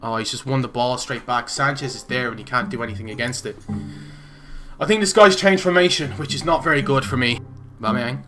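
A man's voice: mid-range voice, fairly quick, sharp tone, soft background music. A young Irish man giving angry, swearing commentary over his own football video game matches. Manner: swearing, exasperated ranting. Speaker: gaming YouTuber. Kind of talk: raging gameplay commentary.

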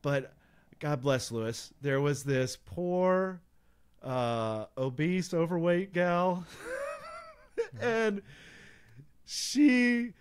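High-voiced man telling a story. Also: drawn-out words, pauses often, clean tone. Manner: animated, laughing anecdote teller. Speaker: podcast co-host. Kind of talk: casual storytelling chat.

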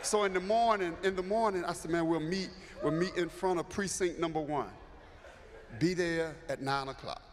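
A man preaching as bishop, telling a story in an animated way and acting out the voices. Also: fairly high pitch, moderate pace. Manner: animated, acts out voices, builds to shouting. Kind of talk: storytelling sermon. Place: large church sanctuary. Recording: echoey church hall, faint ambience.

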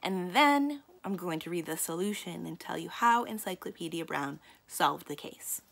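Creaky-voiced librarian reading aloud. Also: female voice, fairly low pitch, moderate pace. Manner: calm, inviting storyteller. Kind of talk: reading a children's book aloud.

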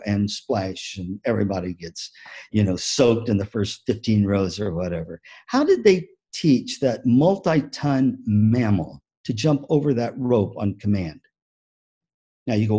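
A man giving a motivational keynote talk on music teaching, an animated storyteller who acts out the story. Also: medium pitch, husky. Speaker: music education speaker.

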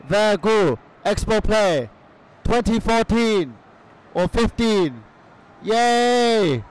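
A man's voice: high-pitched, animated, very slow, a little hiss or hum, heavily acted, low-quality recording. A man putting on a pompous comic persona who speaks stilted, broken English in short barked phrases, improvised on a live podcast. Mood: mock-formal. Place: convention hall at a live expo.

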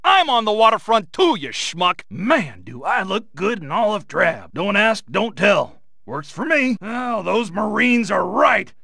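An actor voicing a brash dock worker in a video game, who grumbles in a rough working-class way. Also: male voice, high-pitched, sing-song, a little slow, hardly any pauses, bright, forceful tone, dry recording, clean studio sound, heavily acted. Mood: grumbling. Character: brash male dock worker, would-be communist intellectual.

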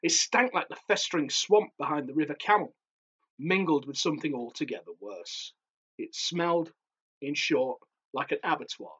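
Brief: male author narrating his horror story, breathy voice, lo-fi home recording. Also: fairly high pitch, lively intonation, fairly bright tone. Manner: measured, darkly theatrical storytelling. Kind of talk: dramatic horror story reading.

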